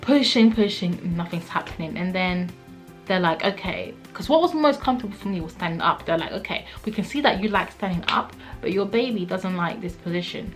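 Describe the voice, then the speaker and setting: A young woman vlogger telling a personal story in a casual, animated way, acting out what people said. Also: lowish voice, brisk, soft background music. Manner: animated, acts out quotes, frequent "like".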